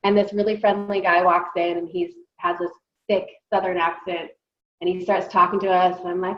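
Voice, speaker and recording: A woman's voice: fairly low pitch, fairly even intonation, a little fast. A woman hosting a podcast, chatting casually and telling stories, acting out her own quotes. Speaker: podcast host. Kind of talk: casual chat. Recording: roomy, dull sound.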